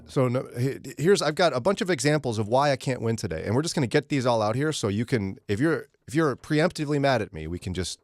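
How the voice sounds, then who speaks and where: A man's voice: mid-range voice, animated, quick pace, few pauses, faint music behind. A man hosting a morning radio show, chatting casually and acting out angry listeners in raised, mocking voices. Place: radio studio. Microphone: studio microphone.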